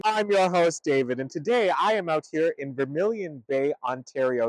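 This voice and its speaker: A man's voice: medium pitch, dry recording. Goofy punning male travel host. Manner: goofy, over-the-top showman delivery. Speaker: comedy travel show host. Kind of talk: pun-heavy mock tourism presenting. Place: outdoors at roadside attractions.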